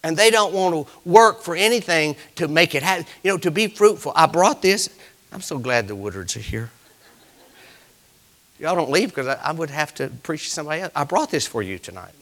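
A pastor preaching with a bright, ringing tone. His pitch leaps and dips all over as he tells homespun stories, and he builds up to loud bursts. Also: lively intonation, a little fast. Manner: folksy storytelling preaching, swelling to shouts. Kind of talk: sermon.

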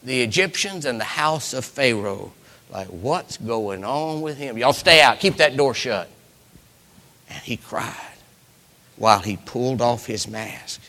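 A man preaching a sermon, acting out Bible characters with big swings from loud lines to whispers. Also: medium pitch, animated, measured pace, gravelly, long reverb tail.

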